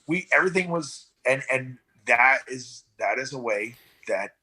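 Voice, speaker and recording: A middle-aged man with a bright, husky voice recalls his years as a rescue swimmer. He rambles and restarts, and he slips into quick impressions of the people in his stories. It sounds like a casual interview. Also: mid-range voice. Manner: rambling, animated, acts out voices in anecdotes. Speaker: guest, veteran rescue swimmer and paramedic.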